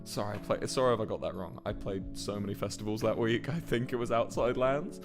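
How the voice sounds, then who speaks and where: A man's voice: on the low side, a little fast, over music. A man in his twenties tells a rambling story casually on a livestream and swears often. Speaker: musician and streamer.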